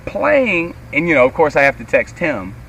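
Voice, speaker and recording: A man with a Kentucky accent and a slightly high, slightly rough voice co-hosts a casual chat at normal speed, telling a rambling, profane story. He animatedly acts out what others said, quoting them in a raised voice. The dull audio comes from a distant mic, with faint street and traffic noise.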